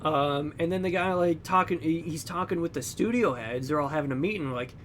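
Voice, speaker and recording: Young man, podcast co-host, casual film recap, animated voices, filler-heavy, slightly high voice, faint background noise. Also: fairly quick. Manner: animated storytelling, acting out characters with loud high bursts; heavy use of fillers like "like" and "you know".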